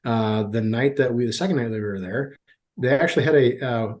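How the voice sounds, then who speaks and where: A man's voice: mid-range voice, fairly quick, darkish tone. A man in his forties, a podcast guest, telling stories at an easy pace with plenty of fillers. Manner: rambling storyteller with many fillers. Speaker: guest, youth hockey manager. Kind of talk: casual podcast chat.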